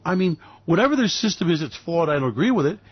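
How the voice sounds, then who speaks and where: A man's voice: fairly high pitch, very animated, fast, breathy edge, lo-fi sound. An older man from New York City, hosting a radio show with emphatic, ranting commentary full of rhetorical questions.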